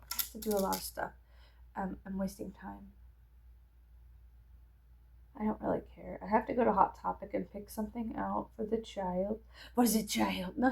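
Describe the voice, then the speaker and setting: A woman's voice: medium pitch, gravelly. A woman in her thirties chatting casually while getting ready, rambling and joking with lots of profanity. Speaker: vlogger. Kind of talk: casual get-ready-with-me chat.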